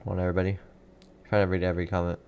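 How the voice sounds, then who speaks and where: A man's voice: low voice, flat delivery, rapid-fire, vocal fry, a little mellow, clean tone. A young man hosting a casual live weather stream from his desk, reading viewers' comments and repeating town names as he gives storm alerts. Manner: casual, distracted, repeats place names from chat. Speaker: livestream weather host.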